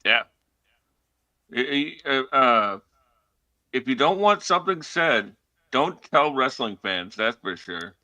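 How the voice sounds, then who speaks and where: A man co-hosting a podcast in casual chat, talking slowly and haltingly with lots of fillers. His pitch moves a lot, and his voice is very bright. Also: sing-song. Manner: laid-back, halting, lots of fillers and laughs. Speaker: podcast co-host.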